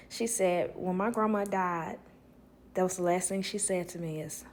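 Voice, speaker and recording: A woman telling a casual storytime, animated, quoting people in lively voices and laughing often. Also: medium pitch, normal speed, a little hiss or hum. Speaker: storyteller vlogger.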